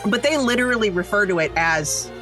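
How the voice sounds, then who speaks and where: A young adult woman co-hosting a true-crime podcast, telling the story in a chatty, animated way and laughing often. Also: mid-range voice, brisk, over music. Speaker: podcast co-host. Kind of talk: casual true-crime chat.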